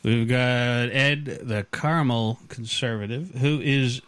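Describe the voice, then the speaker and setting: A man's voice: mid-range voice, takes it slowly, fairly bright tone, clear, resonant tone, no room sound. A man hosting a podcast, telling crude, joking stories in casual banter. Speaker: podcast host.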